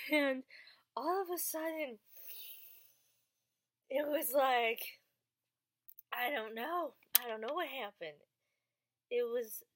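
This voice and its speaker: A young woman chatting casually to the camera as she answers viewers' questions, acting out quoted lines with sudden high jumps in her voice. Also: a bit bright, dry recording. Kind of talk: casual storytelling vlog.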